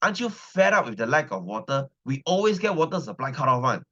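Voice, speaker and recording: In a pushed, bright, medium-pitched voice, a very animated Malaysian man races through casual class talk with his students. He teaches science in Selangor, speaks Malaysian English, and is chatty, repeating phrases and constantly asking "right?". The recording is dull and lo-fi.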